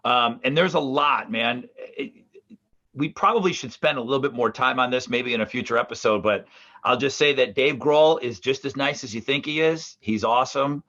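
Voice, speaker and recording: A middle-aged man co-hosting a podcast from a home basement, a former radio interviewer talking in a halting, self-deprecating way. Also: mid-range voice, sharp tone, highs cut off. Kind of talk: casual chat.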